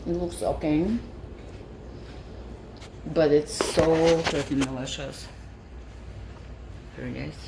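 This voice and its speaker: Woman home baker, low-pitched, eager and chatty, echoey kitchen with faint background noise. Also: steady tone, takes it slowly, creaky, pauses often. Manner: enthusiastic, chatty, tasting as she talks. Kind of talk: casual cooking vlog.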